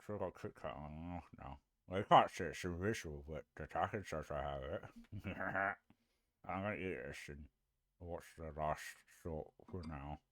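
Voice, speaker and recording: Deep-voiced man streamer, rambling chat. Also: unhurried, fairly bright tone, dry recording, studio quality. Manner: rambling, self-interrupting, giggly. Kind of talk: casual live-stream chat.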